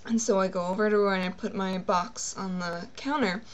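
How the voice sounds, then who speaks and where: A woman's voice: medium pitch, steady tone, fairly quick, highs cut off, a little hiss or hum. A young woman hosting a casual vlog, telling a story in a rambling way full of fillers. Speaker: vlog co-host.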